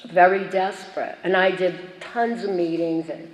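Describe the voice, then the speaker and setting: In a muffled recording, a woman with a lowish voice and fairly even intonation talks at a moderate pace. It's her personal share at a recovery meeting, told chattily with self-mocking jokes, in an echoey hall with faint background noise.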